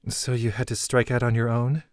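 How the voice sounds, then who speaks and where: A man voicing a grieving, guarded young woman who speaks quietly and tersely. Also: medium pitch, flat delivery, a little fast, no echo, clean studio sound, lightly acted.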